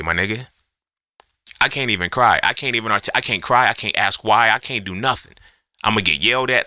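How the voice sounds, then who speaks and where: A man hosting his own podcast talks straight through an unscripted monologue. His voice sits low but has a hard, pressing edge. He swears freely and keeps firing rhetorical questions, and the sound is dry with almost no room around it. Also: bright, forceful tone, no echo. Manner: profane, emphatic ranting with rhetorical questions. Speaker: podcast host.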